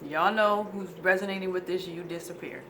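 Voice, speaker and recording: A woman's voice: on the low side, steady tone, brisk, bright, forceful tone, a little hiss or hum. A woman giving a casual oracle card reading, goofy and chatty, swearing freely and calling her viewers "y'all". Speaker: tarot reader.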